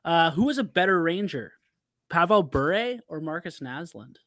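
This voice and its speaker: A man co-hosting a podcast, telling a story in a casual, animated way with frequent fillers. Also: fairly high pitch, moderate pace, no echo. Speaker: podcast co-host.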